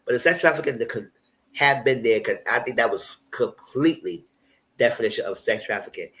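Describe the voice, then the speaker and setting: A man's voice: medium pitch, fairly quick, fairly bright tone, rough recording. A man hosting a live vlog, ranting with heated, emphatic and profane commentary. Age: adult, past graduate school. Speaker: vlog host.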